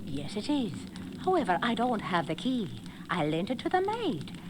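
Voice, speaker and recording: A woman's voice: fairly high pitch, wildly swooping pitch, normal speed. An actress playing a formal, courteous woman servant in a manor, as heard in a video game. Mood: polite. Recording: quiet game audio with noise.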